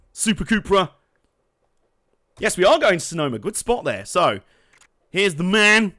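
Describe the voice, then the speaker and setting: A young let's play host delivers casual, jokey gameplay commentary, laughing a lot, swearing, and breaking into excited outbursts. His voice is on the high side.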